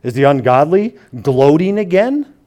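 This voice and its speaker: This preacher's voice sits on the high side and swings widely in pitch. He reads scripture slowly and quietly as part of a sermon, then explains it himself, often restarting and paraphrasing quotes.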